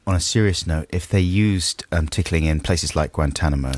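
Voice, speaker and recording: A man's voice: low-pitched, normal speed, darkish tone, dry recording. A man, co-hosting a radio show in casual, playful, rambling banter from a studio. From England. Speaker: radio host. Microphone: studio mic.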